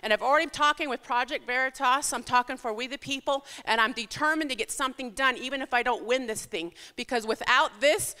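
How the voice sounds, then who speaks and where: A woman with a high, bright voice delivers an urgent, pleading campaign speech. Her words ring through a church hall with a long, echoing reverb. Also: fairly quick, few pauses. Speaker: political candidate.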